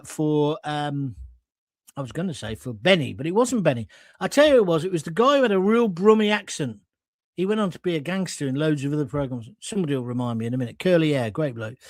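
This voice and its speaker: A man's voice: fairly high pitch, no room sound. A middle-aged man hosting a live political chat show, reading out viewer comments with blunt, sardonic asides that wander off topic. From England.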